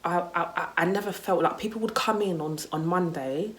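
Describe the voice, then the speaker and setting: Young woman, low voice, candid story time vlog, casual swearing. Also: a little fast, fairly bright tone. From United Kingdom. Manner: candid and chatty, peppered with "like" and "you know", casual swearing. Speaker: vlogger.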